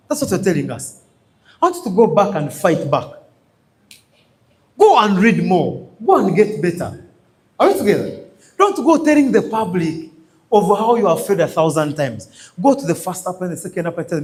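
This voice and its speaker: A Ugandan man gives a motivational business training to a live audience. His voice sits high and swings widely as he hammers points home. He repeats himself and fires questions for the crowd to answer. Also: sing-song, moderate pace, long pauses. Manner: emphatic, repetitive, calls out questions for the audience to answer.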